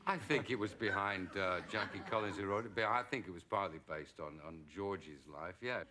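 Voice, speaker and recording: Casting: middle-aged man from England, slightly low, bright and forceful tone, a lively storyteller who slips into quoted voices. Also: normal speed. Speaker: actor, talk show guest. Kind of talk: anecdotal chat.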